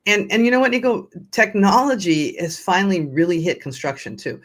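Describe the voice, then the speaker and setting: A woman's voice: medium pitch, sing-song, fairly quick. An older woman, a nonprofit founder, telling her story as a podcast guest in an earnest way with frequent restarts. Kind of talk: conversational storytelling.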